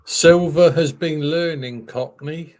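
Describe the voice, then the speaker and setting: A man's voice: a little high, slow pace, darkish tone. A man chatting casually on a livestream, teasing his co-host and quizzing her on slang. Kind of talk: casual chat.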